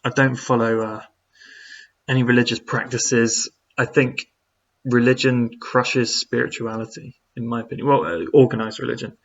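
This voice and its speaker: A man's voice: mid-range voice, steady tone, normal speed, lo-fi sound. A man who speaks, casually answering viewer questions on a live stream, rambling with lots of fillers as he reads the chat.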